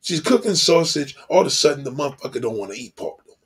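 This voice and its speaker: Husky, animated man ranting bluntly. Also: medium pitch, fast talker. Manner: blunt, animated, acts out the people he talks about. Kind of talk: profane monologue commentary.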